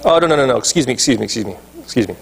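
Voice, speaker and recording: A man's voice: mid-range voice, animated, racing, gravelly, a little hiss or hum. A male pastor preaching a sermon emphatically, often checking in with his listeners. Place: church.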